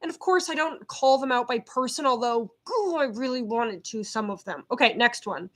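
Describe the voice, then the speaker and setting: Middle-aged woman vlogger, a bit high-pitched, feisty and loud, fired up and talking straight to camera. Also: moderate pace. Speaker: behavior consultant. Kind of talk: casual vlog talk to camera. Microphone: camera set up at home.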